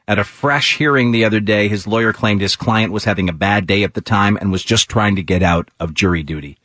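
A man hosting a radio talk show, telling a news story to his co-hosts in a relaxed way. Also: lowish voice, a little fast, no echo, clean studio sound. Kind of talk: reading news items on air.

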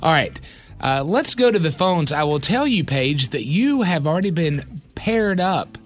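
A man's voice: on the high side, expressive, a little slow. A man hosting a morning radio show, folksy and joking while he explains a phone-in game. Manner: folksy, jokey, explains rules patiently.

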